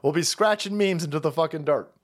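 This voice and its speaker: A man's voice: fairly high pitch, fairly quick. A man in his forties ranting sarcastically on a political livestream, profane and mocking. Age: 40s.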